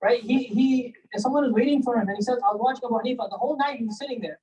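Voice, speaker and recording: Fast-talking, husky woman teaching religious history. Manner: animated, acts out quoted voices; recites Arabic phrases and verses. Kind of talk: storytelling religious lecture. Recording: distant, low-quality recording.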